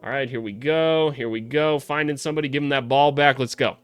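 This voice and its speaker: A young man breaking down basketball film in casual, profane, excitable commentary, joking and shouting at big plays. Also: mid-range voice, brisk, clear, resonant tone, faint music behind.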